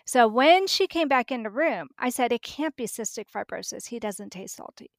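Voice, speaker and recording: A woman's voice: on the high side, lively intonation, normal speed, no room sound, clean studio sound. A middle-aged woman, a podcast guest, telling a personal story vividly and acting out the dialogue.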